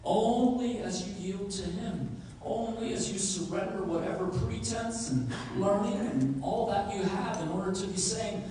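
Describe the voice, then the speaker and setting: High-voiced pastor preaching in an echoey hall. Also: male voice, moderate pace, recorded from a distance, a little hiss or hum. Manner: animated retelling with acted scripture dialogue. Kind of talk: sermon. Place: church sanctuary. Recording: echoey hall recorded from afar.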